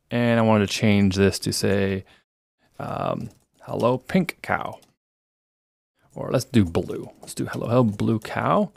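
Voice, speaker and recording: Low-voiced man teaching coding, dry sound. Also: darkish tone, no echo. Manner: casual explanatory, reads program output aloud. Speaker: programming instructor. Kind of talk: screencast coding lesson.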